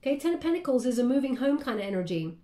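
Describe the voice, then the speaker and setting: A woman's voice: high-pitched, very animated, very fast, warm tone. A woman giving a casual spoken tarot reading, chatty and meandering, often checking in with her listener. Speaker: tarot card reader. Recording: roomy echo.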